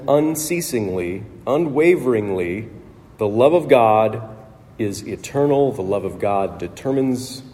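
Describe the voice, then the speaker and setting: A man's voice: medium pitch, warm tone, in a large hall. A man preaching a sermon as pastor, earnest and reflective, thinking aloud with restarts.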